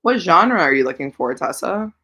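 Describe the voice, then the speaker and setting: A woman's voice: fairly low pitch, very animated, moderate pace, bright, forceful tone, husky. A woman hosting a casual livestream, rambling and thinking aloud with lots of fillers as she answers viewers. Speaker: livestream host reading viewer comments.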